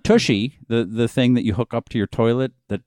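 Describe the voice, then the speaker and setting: A man's voice: mid-range voice, steady tone, brisk, a little mellow, no echo, clean studio sound. A man co-hosting a podcast, teasing and sarcastic in casual comedic banter. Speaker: podcast co-host.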